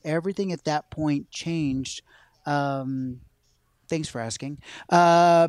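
A man telling a personal story as a guest on a talk show, an animated storyteller. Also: a little high, no echo. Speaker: guest, science educator. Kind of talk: storytelling in a conversation.

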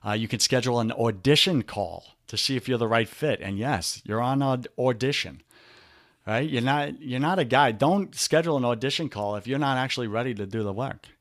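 A man with a New York accent, a coach and podcast guest, pitching his offers energetically and spelling out web addresses slowly. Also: a bit bright, dry recording, clean studio sound. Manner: pushy, repeats web addresses slowly, rallying.

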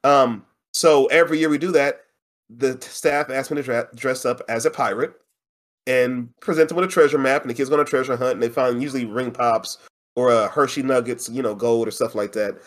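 A man co-hosting a casual podcast, telling a funny story with slangy, animated delivery and frequent laughs. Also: medium pitch, brisk. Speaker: podcast co-host. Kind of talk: casual chat.

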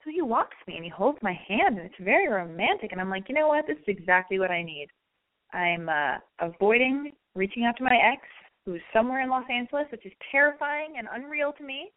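A woman's voice: fairly high pitch, lively intonation, a little fast. A chatty, brash woman hosting a podcast, telling a story in a casual monologue. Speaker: podcast host. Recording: narrow phone-like sound.

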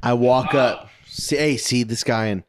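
A man's voice: mid-range voice, a little slow, noisy background. A young man telling an eager, rambling story among friends, stumbling and restarting. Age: young adult. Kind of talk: casual drunk storytelling.

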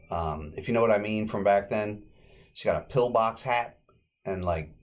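Relaxed man hosting a podcast. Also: fairly low pitch. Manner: relaxed, rambling retelling with fillers. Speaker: podcast host. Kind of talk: casual podcast recap.

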